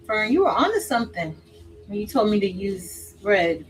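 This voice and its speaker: A woman hosting a craft livestream, chatting casually with viewers by name while she works, swinging from excited exclaiming to quiet asides. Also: medium pitch, moderate pace, soft background music, poor audio. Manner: chatty, answers viewers by name, says y'all; drifts between excited exclaiming and soft asides.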